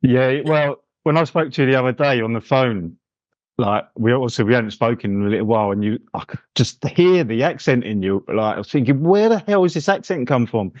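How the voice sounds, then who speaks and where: A man hosts a podcast in a matey, chatty manner, tossing in lots of tag questions. His pitch sits in the middle. The sound is dry and a little dull. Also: a little fast, dry recording. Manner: matey, chatty, full of tags like "isn't it". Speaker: podcast host. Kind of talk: casual chat.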